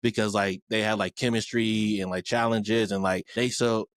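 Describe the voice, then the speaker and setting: A man's voice: lowish voice, steady tone, normal speed, no echo, clean studio sound. A man co-hosting a pop culture podcast, recapping a reality show in a loose, rambling way full of fillers and restarts. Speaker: podcast co-host. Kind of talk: casual pop culture chat.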